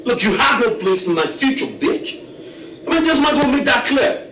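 A man's voice: very high voice, animated, fairly quick, noisy background. An actor playing an arrogant young womanizer with a slangy, swaggering Nigerian accent who lashes out at his girlfriend. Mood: dismissive. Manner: cocky slangy swagger, swings into shouting.

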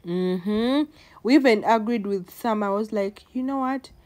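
A woman's voice: medium pitch, measured pace, a little mellow. A woman, talking to the camera in a casual vlog, heartfelt and emotional, repeating words for emphasis. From Uganda. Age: 20s. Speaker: vlogger.

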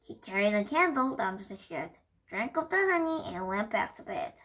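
A woman voicing a sleepy old owl in a children's storybook, telling what it saw in a quick, eager rush. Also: medium pitch, very animated, a bit bright.

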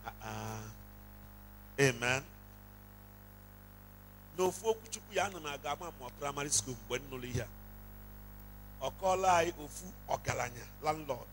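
A man's voice: mid-range voice, lively intonation, a bit bright, slight background noise, poor audio. A man preaching a sermon, switching between English and Igbo and breaking into song. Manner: preaching with slow, drawn-out bursts into singing. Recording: music playing under the voice.

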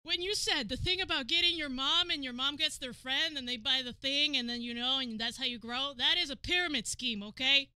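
A woman hosting a live stream in casual, animated chat; she sounds exasperated and swears freely. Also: high-pitched, a little fast, hardly any pauses, dry recording, studio quality. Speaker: livestream host.

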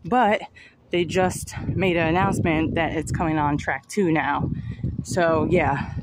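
Chatty woman vlogging outdoors over street noise. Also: on the low side. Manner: chatty, rambling, talks straight to viewers as "y'all". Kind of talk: casual vlog talk to camera. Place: outdoors by a street and train station.

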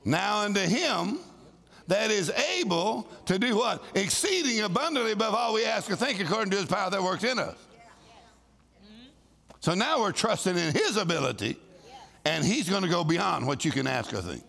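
A man preaching a lively sermon to a congregation, calling for responses and shouting scripture. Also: high voice, moderate pace, creaky. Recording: live sermon in a large hall with long reverb.

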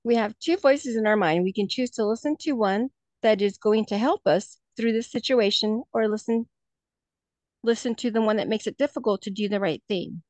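A woman's voice: on the high side, normal speed, a little mellow, dry recording. A woman who teaches third grade, presenting a lesson in a workshop, talking hesitantly with many fillers and restarts, heard over a video call.

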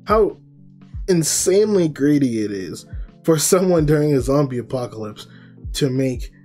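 A man's voice: on the high side, animated, moderate pace, warm tone, faint music behind. A man reviewing anime, recapping an episode in a casual, rambling way, full of fillers and self-corrections.

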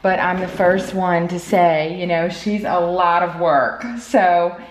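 Woman, pet vlogger, casual chat at home, slow pace, echoey room. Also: on the low side, steady tone. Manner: chatty, frequent "you know" fillers. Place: home at night.

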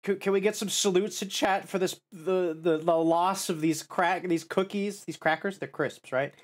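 A man streams a casual snack tasting, excitable and leaping into high squeals of joy and dismay, then murmuring as he savors each bite. He talks at a moderate pace.

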